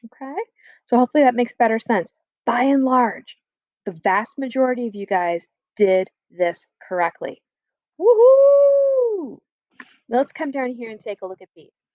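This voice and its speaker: A woman's voice: fairly high pitch, normal speed, darkish tone, no echo. Female teacher, encouraging step-by-step explainer, dry muffled computer-mic sound. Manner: encouraging, explains step by step, repeats "again" and "okay?". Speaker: French teacher. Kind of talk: recorded online lesson, reviewing homework.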